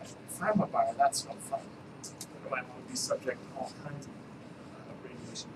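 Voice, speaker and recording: A man's voice: medium pitch, expressive, moderate pace, noisy background. A man, an attorney, giving a casual, joking live training talk to real estate agents and asking the room questions.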